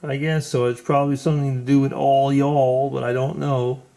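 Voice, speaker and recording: A man's voice: medium pitch, little pitch movement, brisk, creaky, warm tone. A man hosting a casual video chat, talking hesitantly with many fillers. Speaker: host.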